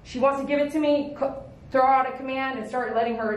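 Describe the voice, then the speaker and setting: A woman's voice: sits high, little pitch movement, fast. A woman dog groomer teaching puppy handling in a hands-on demonstration, firm and coaxing, with short repeated commands and praise. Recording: echoey room with faint background noise.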